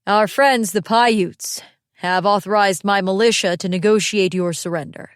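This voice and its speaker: A woman voicing a smooth, calculating male militia general in an audiobook, speaking in a measured, coolly persuasive, folksy way. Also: medium pitch, no room sound, studio quality, lightly acted. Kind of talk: audiobook character reading.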